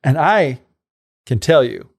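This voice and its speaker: A man retells a fairy tale on a podcast in a loose, rambling way, filling his sentences with "like" and side remarks. His pitch moves about a lot, rising and falling as he talks. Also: big pitch swings, takes it slowly, creaky. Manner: rambling, many likes and asides. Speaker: podcast co-host. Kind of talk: casual storytelling chat.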